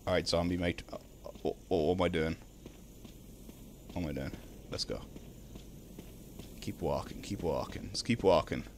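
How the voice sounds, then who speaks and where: A young Irish man streaming a video game, chatting casually with his viewers between drawn-out ums. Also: low-pitched, slight background noise. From Ireland. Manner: laid-back, drawn-out ums, greets chat. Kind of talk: casual live-stream chat while gaming.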